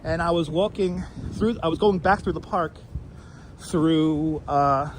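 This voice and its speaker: A man's voice: a little high, measured pace, rough recording. A man hosting a walking livestream outdoors, chatting casually and rambling to viewers on a clip-on mic. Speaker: walking tour livestream host. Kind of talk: casual live-stream chat while walking. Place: outdoors on windy city streets. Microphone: wireless clip-on mic. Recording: windy outdoor street recording. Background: wind and traffic noise.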